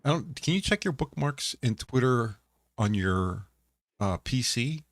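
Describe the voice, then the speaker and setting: A man's voice: mid-range voice, animated, unhurried, dry recording, clean studio sound. A man co-hosting a casual online talk show, telling rambling stories with many restarts. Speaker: podcast co-host. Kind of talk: casual chat.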